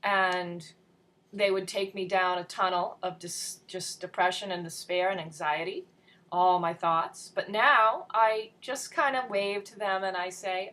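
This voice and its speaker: A woman's voice: mid-range voice, unhurried, a bit bright. A woman leading a casual morning video lesson from home, talking earnestly into her camera with many ums and some whispered asides. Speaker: spiritual study leader. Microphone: built-in camera mic.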